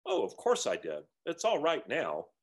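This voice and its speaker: A kindly, serene spirit, read by a man, answers calmly and gently. His voice has a lilting, expressive rise and fall. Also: on the high side. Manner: calm, gentle, unhurried. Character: serene joyful male spirit, calm and kindly.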